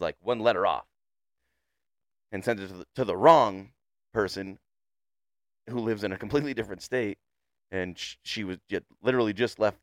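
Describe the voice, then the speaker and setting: A man co-hosting a podcast in a casual way, animated and laughing a lot, often stumbling over his words. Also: on the low side, no echo, studio quality. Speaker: podcast co-host. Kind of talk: casual chat.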